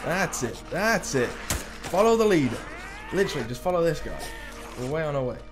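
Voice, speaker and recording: A young man giving excitable live gameplay commentary, often breaking into shouts and laughter. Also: a little high, fairly quick. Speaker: gaming YouTuber. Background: loud game music and gunfire.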